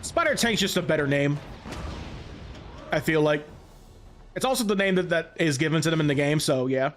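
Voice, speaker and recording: A man's voice: a little high, expressive, moderate pace, fairly bright tone, a little hiss or hum. A man in his late twenties giving casual, rambling gameplay commentary as a let's player, often correcting himself mid-sentence. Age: late 20s. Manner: rambling and chatty, self-correcting. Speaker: let's play gamer.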